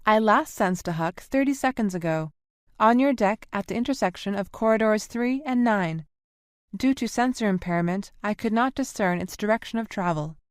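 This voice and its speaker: A woman's voice: medium pitch, moderate pace, no echo, clean studio sound, voice pushed up, natural voice. A woman voicing a pedantic ship's computer. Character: literal-minded ship's computer, over-detailed.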